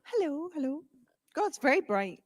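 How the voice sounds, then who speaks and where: A Scottish woman tells lively, giggly stories and swears freely. Her voice sits a little high and sounds dry and close, and she chats casually in front of a convention audience. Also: moderate pace, no echo. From Scotland. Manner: animated, giggly storytelling with swearing. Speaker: guest actor. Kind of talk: lively convention panel chat. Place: convention auditorium stage.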